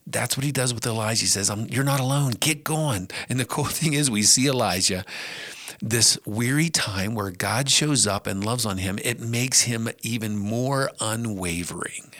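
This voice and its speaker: Earnest low-voiced middle-aged man preaching. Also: normal speed, a bit bright, no room sound. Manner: earnest and conversational, with emphatic rises. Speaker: podcast host and preacher. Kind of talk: casual devotional talk.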